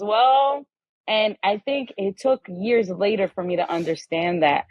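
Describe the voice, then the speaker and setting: Woman guest, husky tone, animated storyteller, dry and dull lo-fi audio. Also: medium pitch, measured pace, dry recording. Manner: animated storytelling, acting out quoted voices. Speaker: podcast guest. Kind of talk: casual conversation.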